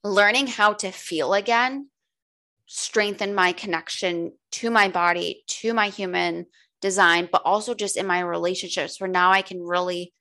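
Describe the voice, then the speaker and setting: On a casual podcast, a holistic coach guest talks candidly in a fairly low, bright, forceful voice with vocal fry, cursing often and leaning heavily on "like."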